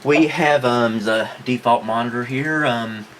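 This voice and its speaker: A man in a middle pitch hosts a casual retro computer show. He rambles comfortably, filling gaps with ums, while a faint hiss sits behind him. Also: unhurried. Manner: relaxed, rambling with many ums. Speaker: host. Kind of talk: casual tech review chat.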